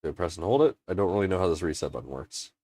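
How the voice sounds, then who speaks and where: A man's voice: low-pitched, expressive, racing, dark tone, dry recording. A man hosting a casual livestream from his home workshop, earnest and emotional, often restarting his sentences. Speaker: livestream host and maker.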